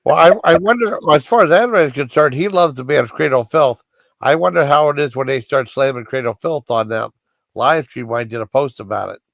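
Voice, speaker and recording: A man's voice: medium pitch, a little fast, gravelly, no echo. A man hosting a livestream and chatting casually, rambling and agreeing with lots of uhs and yeahs. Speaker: livestream host. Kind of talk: casual chat.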